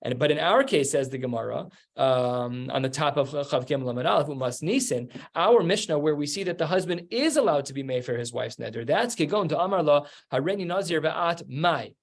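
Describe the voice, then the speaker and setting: A rabbi giving a Talmud class, explaining each step and acting out the quoted lines. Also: male voice, on the high side, lively intonation, fairly quick, creaky, few pauses. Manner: explains step by step, mixing Aramaic terms into plain speech.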